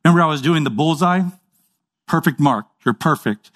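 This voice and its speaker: A man's voice: a little high, expressive, a bit bright. A man preaching a sermon in a conversational way, checking in with his listeners and acting out short dialogues. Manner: acts out little dialogues in quick voices. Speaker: pastor.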